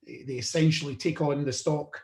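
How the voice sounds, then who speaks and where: In a recording with noticeable room echo, a UK podcast host tells his career story in a loose, chatty way, with fillers and false starts. His voice sits on the high side, steady and a little mellow, at a moderate pace.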